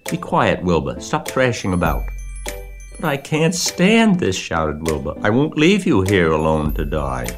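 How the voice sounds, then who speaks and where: Storybook reading by a man, deep and very expressive, faint music behind. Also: measured pace, full character voice. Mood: tender. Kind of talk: reading a children's book aloud.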